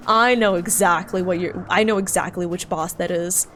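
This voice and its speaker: A woman's voice: on the low side, measured pace, a bit bright, faint music behind. A woman streaming a game live, giggly and playful, chatting with her viewers and practising how to say words. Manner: giggly and playful, chats with viewers and drills pronunciations.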